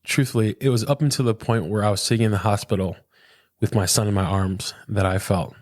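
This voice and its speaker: Earnest low-voiced man, dry close sound. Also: steady tone, fairly quick, darkish tone, no room sound. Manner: earnest, reflective, says "man" and "dude" often. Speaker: pastor, podcast guest. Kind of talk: casual conversational interview.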